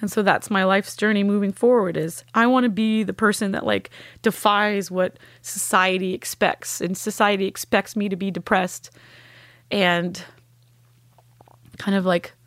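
A woman, a podcast guest, telling a deeply personal story in an earnest, heartfelt way and with strong conviction. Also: fairly even intonation, unhurried, a bit bright, no echo, studio quality.

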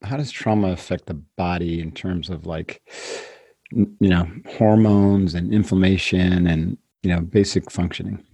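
Husky low-voiced male podcast host. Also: steady tone, normal speed, mellow, dry recording. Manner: conversational, self-deprecating laughs. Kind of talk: podcast interview.

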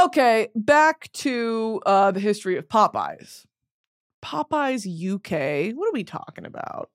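A woman's voice: medium pitch, big pitch swings, measured pace. Young woman podcast host, rambly, goes off on tangents, swears a lot, casual chat.

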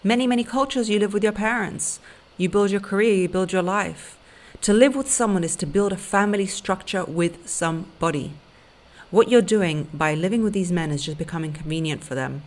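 A woman hosts a relationship advice podcast in a mid-pitched voice. She talks straight to her listeners, blunt and emphatic, as if lecturing. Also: brisk. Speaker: podcast host and dating coach.

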